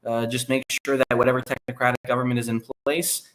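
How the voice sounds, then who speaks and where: A man speaking as a guest analyst on a podcast, explaining at length in a measured way. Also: medium pitch, flat delivery, a bit bright, low-quality recording. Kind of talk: conversational podcast interview.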